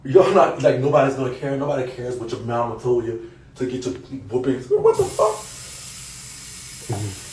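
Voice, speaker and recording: A man ranting on a live stream, loud, taunting and profane, laughing often. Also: mid-range voice, brisk, roomy sound, far from the mic, a little hiss or hum, low-quality recording. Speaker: social media personality.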